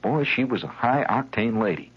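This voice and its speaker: Husky guy spinning a wry radio yarn, voice jumps all over, muffled old broadcast. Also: mid-range voice, moderate pace. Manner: rambling, wry and animated, with chuckles. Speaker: radio storyteller. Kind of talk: spontaneous radio monologue.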